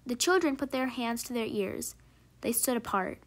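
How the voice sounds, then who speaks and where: A woman narrating a short story aloud in a measured, expressive reading. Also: fairly high pitch.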